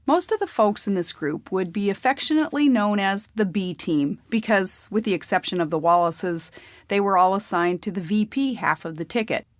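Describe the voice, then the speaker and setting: A woman's voice: mid-range voice, expressive, normal speed, dry recording. Woman reading her memoir, plain chatty tone, mid voice, dead dry sound. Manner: plain, conversational storytelling. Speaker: audiobook narrator. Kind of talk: memoir audiobook narration.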